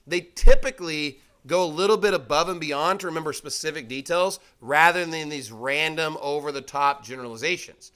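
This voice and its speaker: A man's voice: on the high side, bright, forceful tone. A man preaching a sermon, reading scripture and mocking excuses in quoted voices. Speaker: pastor.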